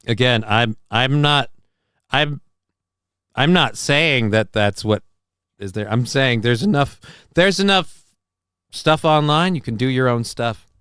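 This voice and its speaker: A mid-range male voice, animated and unhurried with a slightly bright, clean tone, comes through in echo-free studio quality. He's a livestream host reading chat and responding in a defensive, meandering way, with casual profanity and the odd voice crack.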